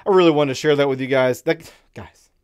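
A man hosting a casual live stream, rambling with fillers and repeats, slowing down to read headlines and then bursting with excitement. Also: mid-range voice, clean tone. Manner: slows down when reading headlines aloud. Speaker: streamer host.

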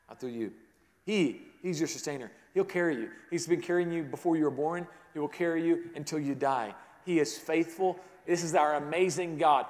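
A man preaching a sermon to a congregation, moving between hushed, intimate passages and rising emphatic ones, often restarting his words. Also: on the high side, normal speed, big-room sound. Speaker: pastor. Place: large church sanctuary.

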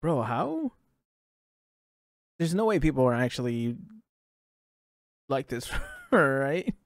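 A young man streaming reactions, talking in an excitable, rambling way and laughing between thoughts. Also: mid-range voice, takes it slowly. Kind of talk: casual reaction commentary.

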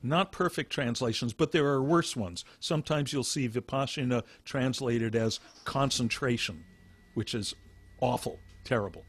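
A man teaching a meditation class who talks in halting phrases, restarting often and explaining with plain examples. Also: medium pitch, breathy edge. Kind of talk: dharma talk.

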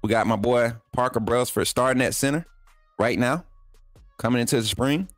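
A man's voice: mid-range voice, normal speed, no echo, faint music behind. Chatty man hosting a live stream. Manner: chatty, repeats phrases, talks straight to viewers. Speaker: sports channel host. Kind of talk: live-stream sports talk with chat.

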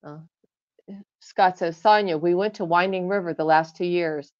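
Brief: female co-host reading comments, lowish voice, dry and slightly muffled lo-fi audio. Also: normal speed, a little mellow, no echo. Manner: chatty, reads comments aloud, laughs often. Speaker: co-host reading viewer chat. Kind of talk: casual chat.

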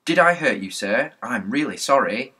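A man's voice: mid-range voice, lively intonation, normal speed, sharp tone, slightly rough. A man reading aloud, voicing a meek, polite telegraph boy who keeps apologizing. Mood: apologetic.

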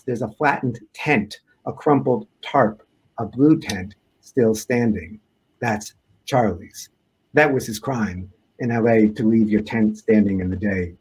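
A man, an author, reading aloud from his own book in a measured, deliberate way. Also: mid-range voice, a little mellow, slightly rough, low-quality recording.

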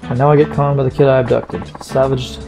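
A desperate, hot-headed kidnapper voiced by a man who blusters and threatens. His voice is gravelly and mid-pitched, with game music in the background. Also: flat delivery, fairly quick, lightly acted. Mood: self-pitying.

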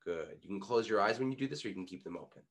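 A Canadian man in his thirties works as a pitch coach, running an online public-speaking workshop and guiding participants through exercises with energetic encouragement. His voice is fairly low and he speaks very fast.

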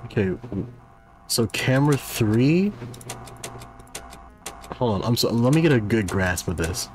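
A man's voice: mid-range voice, lively intonation, a little slow, soft background music. A man casually commenting while playing a horror game, chatty and self-deprecating with rambling asides, into a desk microphone. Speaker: gaming youtuber. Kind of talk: casual let's-play commentary. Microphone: desk microphone at a gaming setup.

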